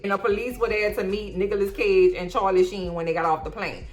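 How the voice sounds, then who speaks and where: A woman's voice: mid-range voice, brisk, hardly any pauses. Sassy, slangy woman recapping a documentary. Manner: sassy, slangy, profane, animated asides. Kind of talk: casual recap commentary.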